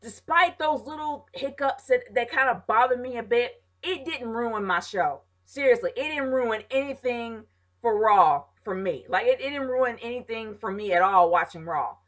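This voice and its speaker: A woman's voice: on the high side, animated, moderate pace, a bit bright. A woman casually reviewing a wrestling show, ranting with exasperation and calling her viewers "y'all". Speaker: wrestling vlogger.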